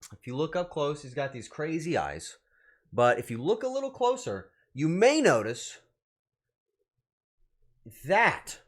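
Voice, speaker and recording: Animated, lively-pitched male streamer. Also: measured pace, pauses often. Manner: animated, swearing, mock-outraged joking. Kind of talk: casual livestream chat.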